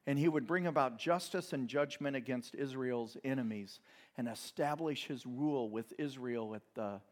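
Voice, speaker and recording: A man of middling pitch preaches a sermon. He keeps it conversational, dropping in asides and the odd chuckle as he talks to his congregation. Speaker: pastor.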